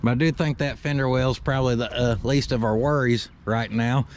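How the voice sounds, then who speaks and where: A man gives brisk, casual vlog commentary outdoors behind his workshop near a carport, speaking as the shop owner and channel host. His medium-pitched voice holds a steady tone as he jokes in a folksy way with country slang, and there's slight background noise.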